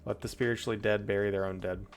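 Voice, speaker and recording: A man's voice: lowish voice, steady tone, fast, soft background music. A man streaming, reading Bible passages aloud and breaking off into chatty, loose asides. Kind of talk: casual Bible reading with commentary.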